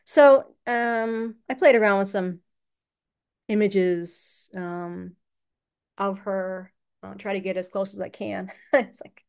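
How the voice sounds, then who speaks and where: A woman's voice: mid-range voice, steady tone, slow pace, vocal fry, darkish tone, smooth. A woman hosting her own channel, talking in a casual, rambling personal monologue and laughing often. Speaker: channel host.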